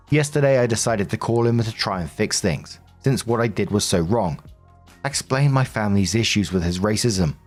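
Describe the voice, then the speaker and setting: A man narrating online relationship stories in an even reading voice. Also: fairly low pitch. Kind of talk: scripted narration. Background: faint background music.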